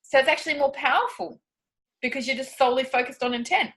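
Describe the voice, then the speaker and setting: A woman with a slightly high voice leads a guided meditation in a slow, soothing cadence. She is heard over a video call. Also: a bit bright, poor audio. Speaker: meditation teacher. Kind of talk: guided meditation and group discussion.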